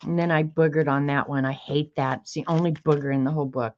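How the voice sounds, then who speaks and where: Low-pitched woman, art livestream host, chatty and wry, greets viewers, slightly dull lo-fi audio. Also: lively intonation, a little fast, a little mellow. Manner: chatty, greets viewers by name, reads snarky sayings aloud. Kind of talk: casual livestream chat.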